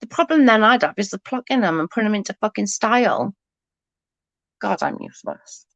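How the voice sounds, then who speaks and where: A woman's voice: mid-range voice, expressive, fast, a bit bright, no room sound. Tired woman streamer with a bit of a stutter, chatty, dry dull lo-fi mic. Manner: chatty, trails off into restarts; mild stutter. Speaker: live-stream host. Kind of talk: casual chat with viewers.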